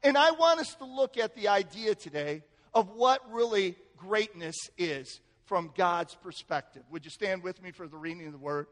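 A male pastor preaching in a church, telling a family story with lively, animated delivery. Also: moderate pace, hardly any pauses. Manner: storytelling, animated, acts out family quotes with rising pitch. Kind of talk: sermon. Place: church sanctuary. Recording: echoey hall with long reverb.

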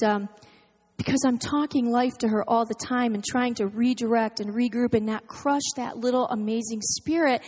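A high-pitched woman in her thirties speaks casually to other mothers. She tells stories about her children with animation and slips into their voices when she quotes them. Her voice carries a long hall-like reverb. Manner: animated storytelling, quoting her kids in voices. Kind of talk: casual talk to moms.

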